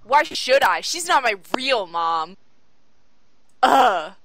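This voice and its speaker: A woman's voice: lowish voice, lively intonation, brisk, bright, forceful tone. A woman voicing a sulky, defiant teenage girl in a tabletop game, whiny and petulant.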